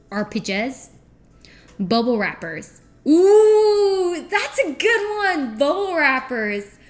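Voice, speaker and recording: Cooking live in her home kitchen, a woman with a fairly high, fairly bright voice chats playfully with her viewers, reading their messages aloud, answering them and trading puns. There's slight background noise.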